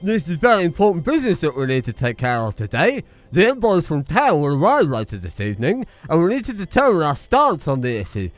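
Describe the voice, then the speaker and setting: A man's voice: mid-range voice, quick pace, hardly any pauses, smooth, no echo, soft background music, lightly acted. A man voicing a fretful noblewoman in a strategy game, reading her lines aloud with a raised, strained delivery. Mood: urgent. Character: fretful noblewoman wife, adult, anxious.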